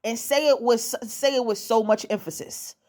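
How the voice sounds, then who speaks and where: A woman's voice: fairly high pitch, fairly even intonation, moderate pace, a little mellow. A young woman giving dating advice in a casual monologue at home. She is blunt and profane and repeats her points to hammer them home.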